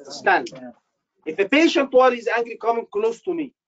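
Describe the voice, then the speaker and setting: A man tutoring doctors for an exam, quizzing his class with quick questions and repeating key phrases for emphasis. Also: very high voice, big pitch swings, gravelly, fairly bright tone, highs cut off. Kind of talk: live teaching session.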